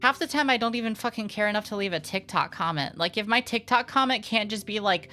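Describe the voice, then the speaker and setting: A young woman streams live and chats in a bright, crisp voice that sits at an ordinary pitch for a woman. She talks candidly and sarcastically, swears freely, and rambles with plenty of fillers. Quiet music plays faintly underneath. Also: fast. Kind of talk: casual live-stream chat.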